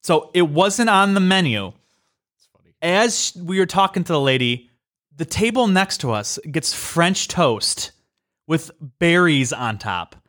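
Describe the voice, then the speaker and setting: A young adult man on a casual podcast, telling an animated, exasperated story and laughing often. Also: a little high, takes it slowly. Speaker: podcast co-host.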